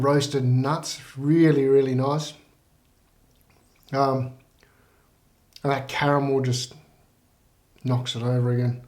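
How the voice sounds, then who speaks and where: A man giving a casual whisky tasting review in a relaxed, rambling way with many fillers. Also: medium pitch. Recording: roomy echo.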